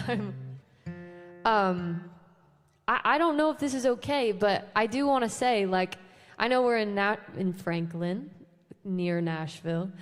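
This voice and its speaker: A woman's voice: medium pitch, big-room sound. Chatty young woman songwriter on stage. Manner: casual, self-deprecating, laughs often, many "um" and "like". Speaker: singer-songwriter. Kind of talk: chatty storytelling between songs at a live show. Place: church hall with a live audience.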